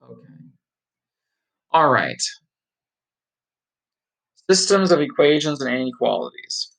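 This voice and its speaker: Guy muttering through his study notes, gravelly low-key voice. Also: sing-song, slow pace, fairly bright tone, rough recording. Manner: thinking aloud, practising pronunciation, reading course notes. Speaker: online study blogger. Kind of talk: casual screen-recorded study session.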